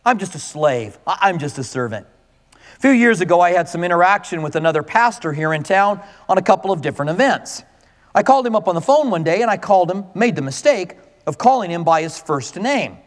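A male pastor preaching a conversational, animated sermon to his congregation. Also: sits high, fast talker, in a large hall.

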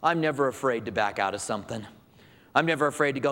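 A man's voice: medium pitch, animated, fast talker, bright, forceful tone. A man preaching a sermon to his congregation in a conversational style, asking rhetorical questions. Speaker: pastor. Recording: long hall reverb.

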